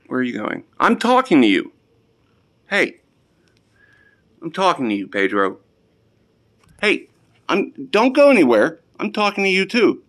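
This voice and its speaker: A man, scolding his pets in a home basement for a casual vlog in a mock-stern way that keeps softening into affection. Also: fairly high pitch. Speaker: pet owner.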